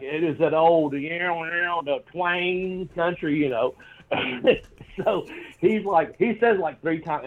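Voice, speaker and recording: A man with a slightly high voice tells a rambling, swear-filled story, laughing as he goes. The audio sounds dull and lo-fi. He talks casually, like a guest on a chat show. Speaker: guest, former pro wrestler.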